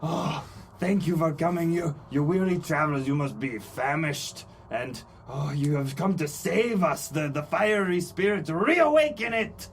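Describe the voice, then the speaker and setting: A man voicing an effusive crimson-robed cult greeter who gushes with loud exclamations. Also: fairly high pitch, lively intonation, measured pace, slight background noise, voice pushed up. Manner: gushing, exclamatory welcome.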